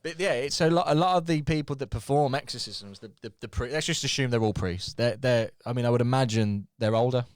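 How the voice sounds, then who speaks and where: A man's voice: medium pitch, fairly quick, few pauses, dry recording, studio quality. A British man co-hosting a podcast, chatting loosely and repeating words as he thinks aloud. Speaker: podcast co-host. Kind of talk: casual chat.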